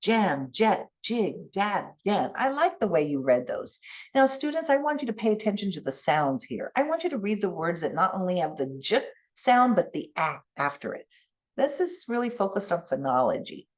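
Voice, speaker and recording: A bilingual woman, first language Spanish, is the keynote speaker at a conference and demonstrates phonics as she would in class. Her fairly low-pitched voice is animated, and she models sounds slowly.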